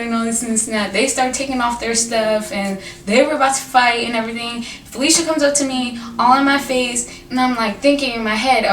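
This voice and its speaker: A woman's voice: on the high side, normal speed. Teen girl vlogger, chatty storytime delivery, sits back from the mic in an echoey room. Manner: animated, lots of fillers and quoted dialogue. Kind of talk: casual storytime. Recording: echoey room from a distance, faint noise.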